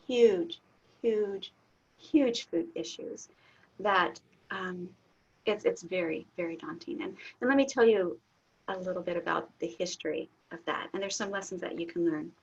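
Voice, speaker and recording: A middle-aged woman, a guest in an interview, telling a personal story candidly, laughing often and getting suddenly loud. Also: on the low side, unhurried, gravelly, slightly rough. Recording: dull lo-fi audio.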